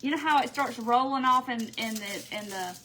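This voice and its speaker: Woman, high voice, chatty, greets viewers, laughs often, casual craft live stream. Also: normal speed, bright, forceful tone, a little hiss or hum, rough recording. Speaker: craft host. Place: at home.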